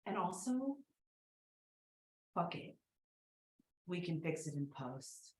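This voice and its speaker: A woman performing a profane, confessional comedic story on a theater stage, swinging between loud bursts and hushed asides. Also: on the low side, big pitch swings, takes it slowly, reverberant, low-quality recording. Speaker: solo performer.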